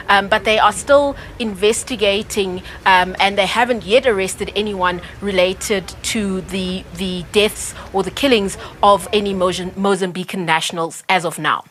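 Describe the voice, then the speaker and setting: A woman's voice: mid-range voice, steady tone, moderate pace, few pauses, a bit bright. A woman correspondent giving a live report, hesitant with many fillers.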